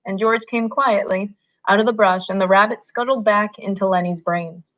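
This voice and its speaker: A woman reading a novel aloud at a steady, unhurried pace, in a slightly muffled recording. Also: medium pitch. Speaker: reader.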